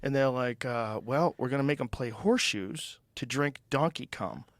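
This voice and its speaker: A man's voice: medium pitch, normal speed, dry recording. A middle-aged man hosting a podcast, telling stories in casual, profane chat. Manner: profane, animated storytelling. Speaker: podcast host.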